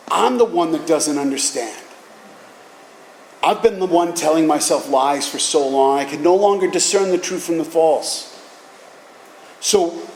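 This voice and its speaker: A middle-aged man giving an animated personal talk at a recovery meeting, telling stories with casual profanity. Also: on the high side, a little hiss or hum. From Boston area, USA. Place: meeting hall. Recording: echoey hall with faint ambience.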